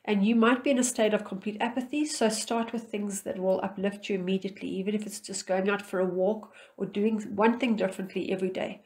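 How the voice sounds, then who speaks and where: A middle-aged woman talks viewers through relationship advice in a steady, instructive manner. Her voice sits at a medium pitch, and she stays firm and calm while acting out brief exchanges to show what to say. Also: brisk, hardly any pauses. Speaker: relationship coach. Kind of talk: advice talk to camera.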